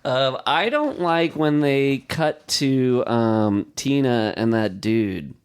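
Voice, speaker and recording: A man's voice: mid-range voice, expressive, slow pace, clear, resonant tone. A man co-hosting a podcast, chatting casually and rambling with plenty of likes and ums. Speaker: podcast co-host. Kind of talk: casual chat.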